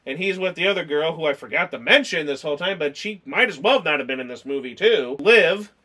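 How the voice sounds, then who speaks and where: High, bright-voiced excitable man. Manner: animated, acts out scenes in quick character voices; rambling, full of fillers. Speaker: movie review host. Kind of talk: casual movie review chat.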